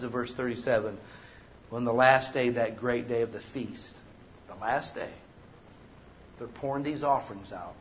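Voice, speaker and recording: A man preaching a sermon as pastor, animated and joking, acting out the people he quotes. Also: medium pitch, moderate pace, pauses often, a little hiss or hum.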